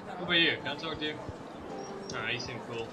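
A man's voice: mid-range voice, quick pace, very noisy. A man giving joking let's play commentary, swearing and talking back to the game's characters. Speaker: gameplay commentator.

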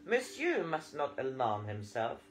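A man's voice: medium pitch, huge pitch swings, a little slow, faint music behind. A man voicing a kindly female French maid who speaks in a soothing way.

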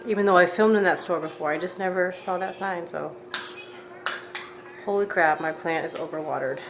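A woman with a somewhat low voice talks casually to her viewers from her kitchen, wry and a little exasperated. Her tone stays chatty and offhand, and a faint hum of room noise sits behind her. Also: moderate pace. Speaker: vlogger. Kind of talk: casual vlog chat. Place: home kitchen.

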